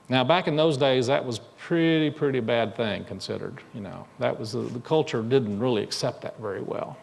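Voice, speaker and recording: A male minister telling a story in a sermon, in a conversational, halting way with frequent restarts. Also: medium pitch, vocal fry. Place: church sanctuary. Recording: long reverb in a church hall.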